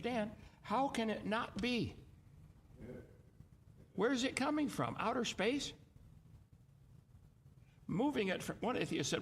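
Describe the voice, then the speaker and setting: A man's voice: high voice, expressive, measured pace, pauses often, slight background noise. A man hosting a call-in show, lecturing in an emphatic, mocking way. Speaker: host. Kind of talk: argumentative call-in commentary.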